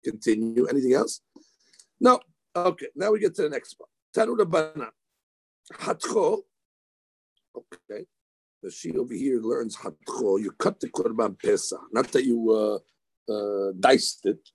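A man teaching Talmud in a lively study session, mixing Hebrew terms into his English. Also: medium pitch, measured pace, pauses often, husky, no echo. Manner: animated, excitable, mixes Hebrew terms into English.

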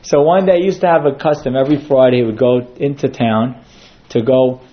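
A man's voice: mid-range voice, steady tone, a little fast, highs cut off. A man giving a sermon that centres on a told story, acting out quotes as he goes. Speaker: synagogue speaker.

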